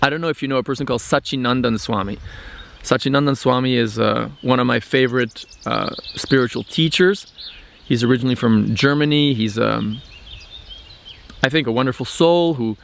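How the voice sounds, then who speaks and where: A man hosting a spiritual vlog, talking thoughtfully with frequent pauses and restarts. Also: mid-range voice, gravelly, fairly bright tone, slight background noise. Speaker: channel host. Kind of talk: reflective spiritual vlog monologue.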